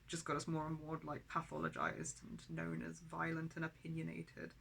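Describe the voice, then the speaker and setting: A woman's voice: low voice, monotone, normal speed, gravelly, a bit bright, a little hiss or hum. A woman in an emotional personal vlog who talks angrily, swears heavily and speaks of herself as "we". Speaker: vlogger.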